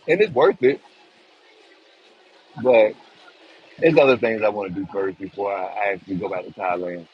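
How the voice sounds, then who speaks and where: A man's voice: lowish voice, unhurried, long pauses. Man streaming live outdoors, loose profane rambling to viewers; slightly dull phone audio with faint street noise. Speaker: livestream vlogger. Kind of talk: casual live stream chat.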